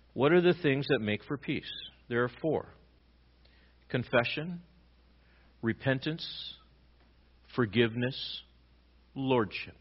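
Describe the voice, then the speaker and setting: A man pastor preaching a sermon, swinging between loud emphatic lines and quiet low ones. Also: highs cut off.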